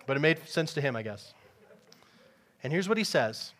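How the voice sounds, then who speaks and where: A man's voice: a little high, animated, moderate pace, fairly bright tone. A man preaching a sermon to his congregation in a conversational, emphatic way, with sarcastic asides. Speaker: pastor. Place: church before a congregation.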